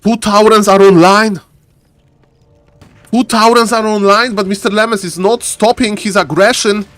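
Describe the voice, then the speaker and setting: Excitable man casting a strategy game. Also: high-pitched, unhurried, no room sound, soft background music. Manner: excitable, repeats catchphrase "ladies and gentlemen". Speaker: esports caster. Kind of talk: live game commentary.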